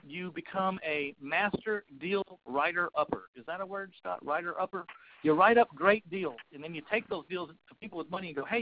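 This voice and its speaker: A man's voice: sits high, lo-fi sound. A man who coaches real estate investors, talking in a folksy storytelling manner as a guest on a webinar. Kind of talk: webinar talk.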